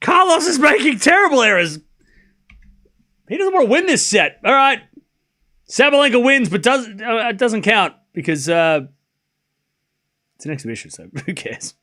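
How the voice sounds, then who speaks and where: A man's voice: very high-pitched, very animated, moderate pace, pauses often, bright, forceful tone. A man commentating a tennis match live on stream, chatty and incredulous, laughing often and talking to his chat.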